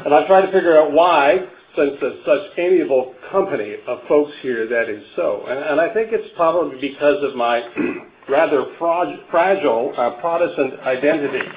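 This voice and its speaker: An older man from Canada delivers a conference lecture with wry humour. His voice sits a little high, often breaking into chuckles and stammered restarts. The sound is narrow and thin, like it came down a phone line. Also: moderate pace, hardly any pauses.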